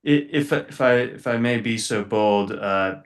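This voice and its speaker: Joking man with halting phrasing. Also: fairly low pitch. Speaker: podcast guest drafter. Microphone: online video call.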